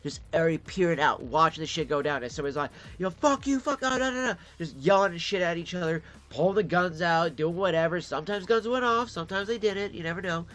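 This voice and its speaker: A man's voice: a little high, fairly even intonation, quick pace, hardly any pauses, fairly bright tone. A man from Detroit in a casual storytelling monologue, swearing freely and acting out the voices of the people he quotes. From Detroit, Michigan. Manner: profane, acts out quoted voices. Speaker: vlogger.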